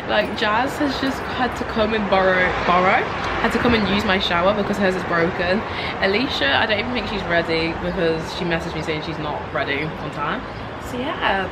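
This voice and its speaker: A young woman vlogging to camera in a chatty, excitable way, full of "like" fillers. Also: fairly low pitch, very noisy. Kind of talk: casual vlog chat to camera.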